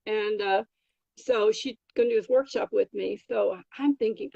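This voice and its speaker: A woman's voice: mid-range voice, normal speed, vocal fry, mellow, dry recording, highs cut off. An older woman, a travel nanny, telling rambling stories from her career in a casual interview. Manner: rambling, many fillers and restarts. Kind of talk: casual anecdotal storytelling.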